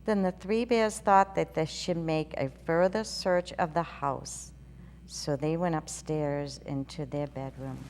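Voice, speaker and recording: Low-voiced woman reading a storybook. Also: steady tone, measured pace, a little mellow. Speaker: children's story show host. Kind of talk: storybook read-aloud. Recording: reverberant room with faint hum.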